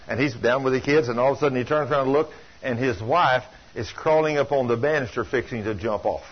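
An older man preaching a sermon, telling folksy stories that swing from loud to hushed. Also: mid-range voice, fast talker, slightly rough. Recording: dull lo-fi sound.

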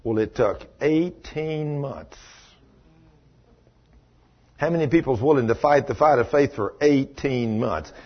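Man, pastor, sermon, husky voice, dull lo-fi recording. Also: measured pace, long pauses. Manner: storytelling preacher, swinging from loud exclamations to hushed low passages.

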